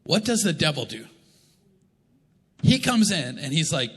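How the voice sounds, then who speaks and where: Bright-voiced preaching pastor, church reverb. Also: male voice, fairly high pitch, big pitch swings, unhurried, slightly rough. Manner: conversational, joking preaching. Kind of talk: sermon. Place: church auditorium.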